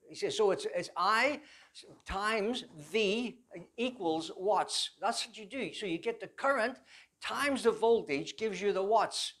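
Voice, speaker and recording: An older man telling his life testimony to a church audience, rambling and halting with many restarts, adding self-deprecating humor. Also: high voice, animated, a bit bright. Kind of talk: personal testimony storytelling.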